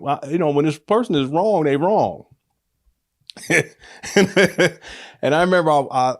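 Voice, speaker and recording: Middle-aged male storyteller, casual and animated, frequent laughter. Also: a little high, dry recording, clean studio sound. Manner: animated, laughs often, acts out quotes with raised voice.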